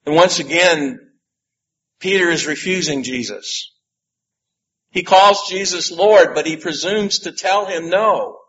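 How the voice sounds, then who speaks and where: Male preacher, unhurried emphatic sermon with long pauses, on a muffled lo-fi recording. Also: high voice, a bit bright. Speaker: pastor.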